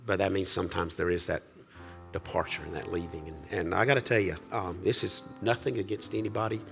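A man pastor closing a church service with a farewell prayer, speaking earnestly, halting and restarting. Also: sits low, fairly even intonation, creaky, fairly bright tone, soft background music. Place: church sanctuary.

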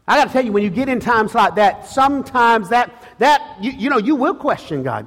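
A man with a very high voice preaches a sermon in a church sanctuary, his words ringing through a long hall reverb. He repeats and restarts phrases and calls out questions to the congregation. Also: expressive, quick pace, hardly any pauses, fairly bright tone. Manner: frequent restarts and repetitions. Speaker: pastor.

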